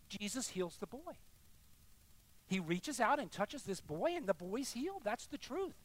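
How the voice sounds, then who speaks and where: Animated preacher man, lively pitch. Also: unhurried, dry recording. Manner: emphatic, swings between quiet confession and loud insistence. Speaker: pastor. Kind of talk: sermon.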